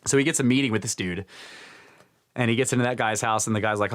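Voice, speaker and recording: Man, low voice, podcast co-host, casual storytelling, animated quoting, frequent laughs. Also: fast talker. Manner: animated retelling, acts out quotes with pitch jumps, laughs often. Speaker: podcast co-host retelling a book.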